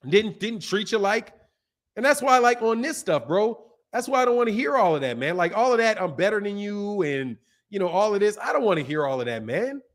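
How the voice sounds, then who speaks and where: A man with a high-pitched voice, talking casually on a boxing channel stream. He rambles through anecdotes in a loose, slangy way, peppering his talk with "bro" and "man". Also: big pitch swings, fairly quick. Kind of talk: casual live-stream chat.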